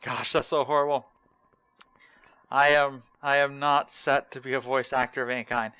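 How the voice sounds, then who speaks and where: A young man hosting a relaxed let's play, talking in a laid-back, rambling and self-mocking way. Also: mid-range voice, normal speed, smooth, no echo. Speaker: gaming channel host.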